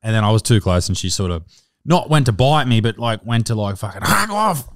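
A man's voice: on the low side, expressive, fast, darkish tone, dry recording, studio quality. A man with an Australian accent hosting a podcast, telling stories in a sweary, ranting way. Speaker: podcast host. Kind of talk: casual podcast banter.

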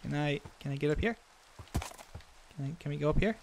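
A young man giving Minecraft let's play commentary, frantic and excitable, rambling fast when thrilled. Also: on the high side, background noise. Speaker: gaming video host.

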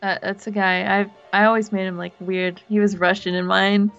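A woman's voice: medium pitch, normal speed, creaky, a bit bright, faint music behind. Joking woman on a dull mic. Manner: dry joking asides with giggles. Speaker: co-player. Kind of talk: casual gameplay commentary. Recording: dull lo-fi recording.

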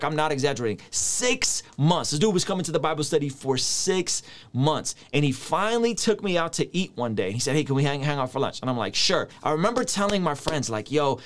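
A young man giving casual reaction commentary, joking and tossing asides to a friend in the room. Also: on the high side. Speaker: YouTube commentator.

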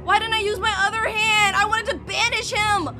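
A woman doing excited gameplay commentary, gushing and squealing over a cute character. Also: very high voice, fairly quick, music in the background. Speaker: gaming YouTuber.

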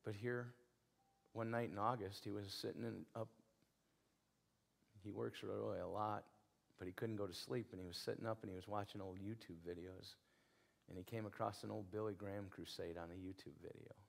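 A male pastor preaches with a low, gravelly voice that carries a husky edge. His sermon moves in earnest, conversational storytelling. He leans on repeated phrases for emphasis. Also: fairly even intonation, moderate pace.

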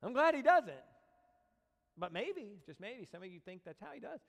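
A man preaching a sermon as a pastor, animated, acting out quoted voices and speaking directly to his congregation. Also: extremely high pitch, moderate pace, creaky. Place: church sanctuary. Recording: long church reverb.

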